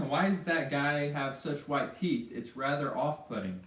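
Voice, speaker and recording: A man's voice: a little high, slow pace, a bit bright. A man hosting a live Q&A chat, reading viewer comments aloud and laughing often. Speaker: host. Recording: roomy sound, mic at a distance.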